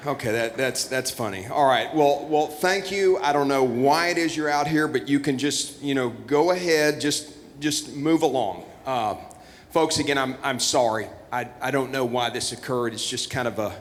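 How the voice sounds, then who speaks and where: A man's voice: mid-range voice, normal speed. A man hosting a church Christmas show on stage, playing flustered as he reads cards aloud. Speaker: church event emcee. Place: large church auditorium. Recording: long hall reverb.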